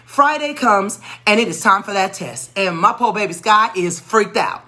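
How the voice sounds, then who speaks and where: Animated woman storyteller. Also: mid-range voice, moderate pace. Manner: animated, expressive storyteller who acts out voices. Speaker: educator and tutor. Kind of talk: storytelling teaching talk.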